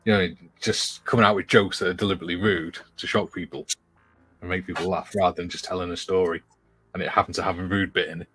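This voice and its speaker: Very deep-voiced man with dry humour. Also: fast talker, soft background music. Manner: relaxed, dry humour, thinks aloud. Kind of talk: casual chat.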